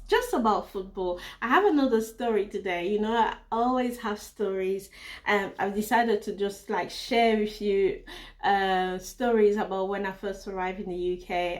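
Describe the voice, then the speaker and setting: A woman vlogger chatting casually to her viewers and telling a personal story, rambling with many fillers and restarts. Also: medium pitch. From Africa.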